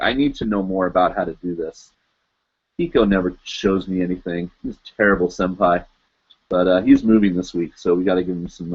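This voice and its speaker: A man hosts a live stream from home, chatting casually as he reads out viewer comments. His talk rambles and turns self-deprecating, at an average pitch. The audio is muffled and lo-fi, like a basic home stream.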